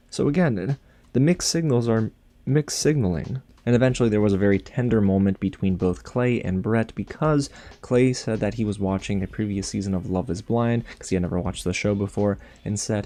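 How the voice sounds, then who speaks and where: A TV show reviewer briskly recaps a reality show in casual commentary. He's animated and sarcastic, and his pitch jumps sharply on his asides.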